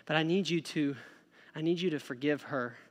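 A man voicing a calm, gentle guiding spirit in a soft, hushed tone. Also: on the high side, normal speed, voice pushed down, close to an everyday voice.

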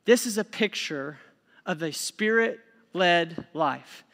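Casual-sounding male preacher with a high voice in a reverberant hall, who acts out little voices. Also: animated, takes it slowly, a bit bright. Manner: conversational, acts out voices, frequent "okay?". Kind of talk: sermon.

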